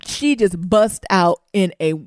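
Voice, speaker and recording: A woman co-hosting a podcast, talking loosely and excitedly, swearing freely as she recaps. Her voice sits at an ordinary middle pitch. The sound is dry and close, with no room echo. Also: slow. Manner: animated, profane storytelling with acted-out quotes. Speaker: podcast co-host. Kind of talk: casual chat.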